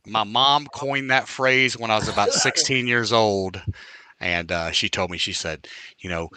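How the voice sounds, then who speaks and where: Guest, male, animated storyteller, very bright forceful voice, dry close mic. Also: low-pitched, unhurried, smooth, no echo. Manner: animated storyteller, swings from loud to quiet. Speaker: podcast guest. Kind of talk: casual chat.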